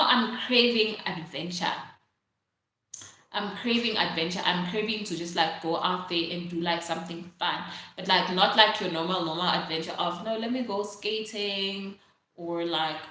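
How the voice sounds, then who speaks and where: A young woman with a South African accent chats casually to her livestream viewers, reading their comments aloud. Her voice is bright and forward, and her talk is full of "like" and "literally". The room around her rings with strong echo. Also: lowish voice, a little hiss or hum. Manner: chatty, many fillers like "like" and "literally", reads out viewer comments. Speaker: livestream host. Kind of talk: casual live-stream chat. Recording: very echoey room.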